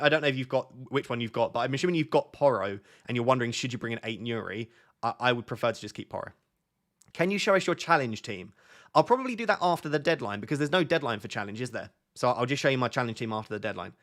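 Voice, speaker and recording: Brief: young male streamer, casual, chatty, mid-pitched, reads chat aloud. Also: a bit bright. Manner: chatty, reads viewer questions aloud, quick asides. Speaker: fantasy football streamer.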